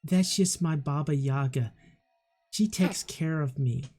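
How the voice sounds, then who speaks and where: A woman voicing a sweet little girl who dotes on animals, speaking in a slow, childlike way. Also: low voice, mellow, faint music behind.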